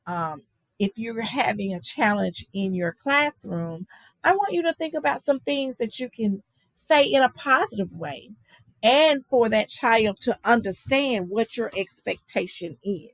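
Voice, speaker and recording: Woman lecturer, fairly high voice, dry close sound, loose chatty delivery full of fillers and "okay?" checks. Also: expressive, unhurried, no room sound, rough recording. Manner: conversational, many fillers and asides, checks in with "okay?". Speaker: teacher. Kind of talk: virtual lecture on child guidance.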